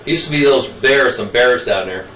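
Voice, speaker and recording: A man's voice: medium pitch, normal speed, sharp tone. An older man telling childhood stories in a rambling, folksy way. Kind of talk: casual storytelling. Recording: roomy distant mic, faint noise.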